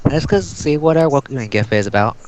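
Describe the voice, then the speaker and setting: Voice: mid-range voice, a little fast, darkish tone, a little hiss or hum, low-quality recording. A player in a tabletop game, teasing the others playfully. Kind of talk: casual tabletop game chat.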